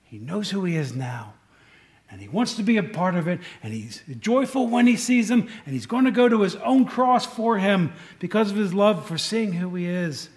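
High-voiced man preaching casually. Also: lively intonation, moderate pace. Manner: conversational, asks the audience questions, restarts often. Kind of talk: informal sermon. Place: room with a tin roof in the rain.

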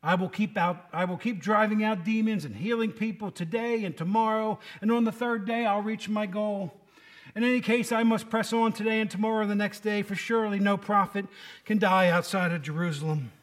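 A man's voice: high-pitched, fairly even intonation, brisk. A man preaching a conversational sermon, folksy and quizzing his listeners by name. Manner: folksy, asks the congregation questions by name.

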